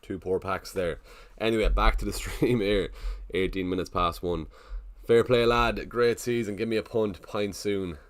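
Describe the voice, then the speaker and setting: Low-voiced man chatting on a live stream. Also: steady tone, moderate pace, hardly any pauses. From Ireland. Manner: chatty, thinking aloud, greets chat viewers. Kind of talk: casual live-stream chat.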